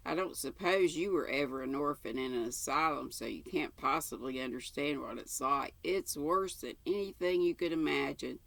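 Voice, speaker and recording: A woman's voice: sits low, normal speed, creaky, hardly any pauses, fairly bright tone, dry recording, full character voice. An older woman reading aloud and voicing a chatty, imaginative orphan girl in a breathless, eager, rambling way. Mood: eager chatter.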